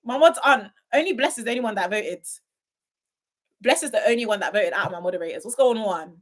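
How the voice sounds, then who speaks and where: A woman's voice: a little high, lively intonation, fast, fairly bright tone. Chatty woman reading live chat. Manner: chatty, playful, laughs often, trails off with ums. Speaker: reality show commentator. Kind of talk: casual live-stream chat reading viewer comments.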